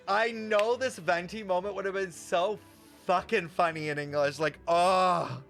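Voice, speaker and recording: A man streaming his reaction to a video game, talking in an excitable, profane way and often breaking into laughter. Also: high-pitched, measured pace, gravelly, faint music behind.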